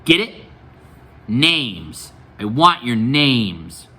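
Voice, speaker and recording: A man reading aloud as a menacing adult male biker gang leader, quiet and threatening. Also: mid-range voice, very animated, drawn-out words, husky, heavily acted.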